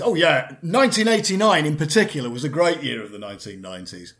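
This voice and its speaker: A man, chatting in a deadpan comedy double act, pedantic and self-assured, rambling with restarts. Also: fairly high pitch, fast.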